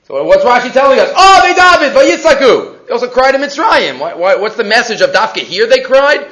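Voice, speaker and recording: Animated high-voiced man teaching Torah. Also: fairly quick, poor audio. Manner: animated, rhetorical questions, mixes Hebrew terms into English. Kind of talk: weekly Torah portion class.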